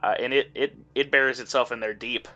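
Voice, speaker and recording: A man's voice: medium pitch, fairly even intonation, a little fast, bright, forceful tone, dull audio, faint music behind. A man narrating as game master of a tabletop game, loose and chatty.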